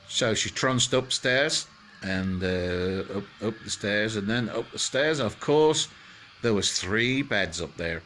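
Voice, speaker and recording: A man's voice: mid-range voice, slow, sharp tone, a little hiss or hum. A man telling a bedtime story in a loose, chatty way, full of fillers and joking asides.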